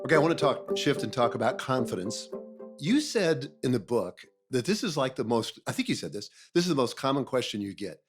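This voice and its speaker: Mid-pitched male podcast host. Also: sing-song, fairly quick, over music. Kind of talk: interviewer asking questions.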